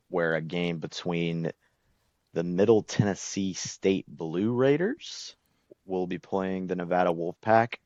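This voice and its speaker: A man co-hosting a sports podcast, giving a betting preview in a measured, steady way. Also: low voice, no room sound. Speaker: podcast co-host. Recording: slightly dull lo-fi mic.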